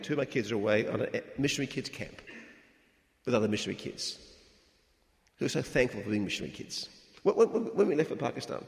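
A middle-aged man, a missionary preacher, giving a conversational, animated sermon with stammered restarts. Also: mid-range voice, vocal fry. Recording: echoey hall with long reverb.

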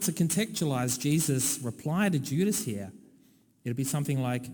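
An Australian man delivers a sermon in a relaxed, conversational way with wry, dry asides. His voice is mellow and warm. The long reverb of a large hall trails after each phrase. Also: fairly high pitch, moderate pace. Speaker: preacher.

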